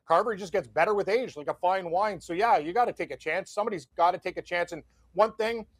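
A man's voice: high voice, quick pace, husky, no room sound. A man co-hosting a sports betting show, talking enthusiastically and agreeing eagerly. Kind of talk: casual sports chat.

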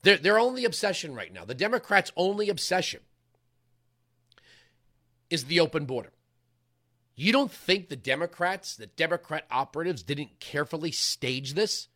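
A male talk show host giving an impassioned political commentary monologue, talking emphatically and rising at times into yelling. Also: on the high side, lively intonation, normal speed, long pauses.

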